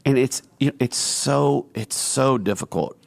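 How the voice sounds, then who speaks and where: A man's voice: mid-range voice, a little slow, gravelly, no echo. A man hosting a marriage podcast who talks in a reflective, affirming way. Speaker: podcast host. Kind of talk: casual podcast conversation.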